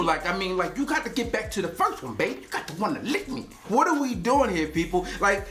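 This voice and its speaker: A man's voice: sits high, sing-song, a little fast, hardly any pauses, fairly bright tone. A man casually reviewing a fragrance on his vlog, joking and rambling through stories as he talks. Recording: roomy echo.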